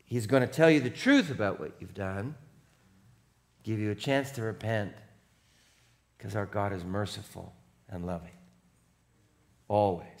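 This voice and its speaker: A man pastor preaching a sermon, telling the story in a lively, joking way and putting on quick voices for the crowd. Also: fairly low pitch. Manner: animated, playful storytelling with mock voices for crowd.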